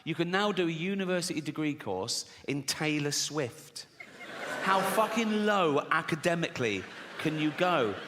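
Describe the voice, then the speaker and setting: Middle-aged English stand-up, sardonic and foul-mouthed, brightish higher voice, faint noise behind. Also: male voice, lively intonation, moderate pace. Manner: sardonic, swears freely, acts out people in other voices. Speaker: stand-up comedian. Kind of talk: stand-up comedy. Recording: faint background noise, live audience laughs.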